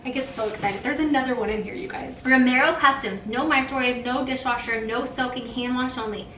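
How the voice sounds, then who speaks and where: A young woman vlogging casually as she opens fan mail, gushing and excitable. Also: a little high, fairly quick, slight background noise. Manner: gushing, excitable, says "oh my god" often. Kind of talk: casual vlog chat, reading letters aloud. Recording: roomy, mic a little far off.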